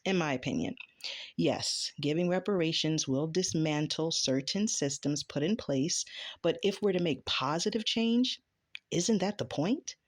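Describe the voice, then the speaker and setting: A woman with a low voice talks straight to her viewers in an impassioned opinion vlog. Her pitch swings widely as she fires off rhetorical questions and swears now and then. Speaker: vlogger. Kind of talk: casual opinion monologue to camera.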